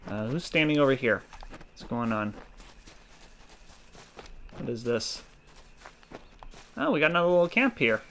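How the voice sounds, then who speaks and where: A man's voice: mid-range voice, animated, moderate pace, long pauses, fairly bright tone, slight background noise. A man giving casual, joking gameplay commentary, swearing now and then and laughing at his own puns. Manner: chatty, swears, mock-corny jokes. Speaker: let's play gamer. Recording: game music behind voice. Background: game music and sounds.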